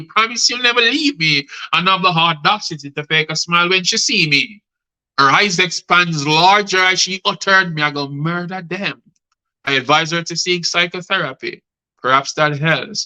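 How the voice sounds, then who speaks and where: Host, middle-aged man, crisp bright voice, performs rhyming poems live. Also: fairly high pitch, poor audio. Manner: rhythmic spoken-word delivery, addressing guests by name. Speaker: host and poet. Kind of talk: reciting rhyming poetry on a live show.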